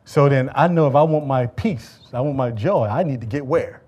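A pastor preaching a sermon to his congregation. He talks in a casual, colloquial way, then builds into loud, emphatic call-outs. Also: mid-range voice, normal speed. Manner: colloquial, conversational asides to the congregation.

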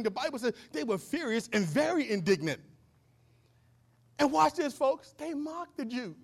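A fervent male pastor preaching in a high voice with a gravelly rasp. He repeats phrases and keeps calling out to the congregation. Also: sing-song, moderate pace. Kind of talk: sermon.

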